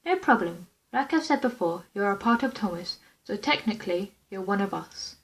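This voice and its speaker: A woman voicing a kind, fatherly young man in her own fan story, soft and caring. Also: medium pitch, animated, normal speed, rough recording. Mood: gentle.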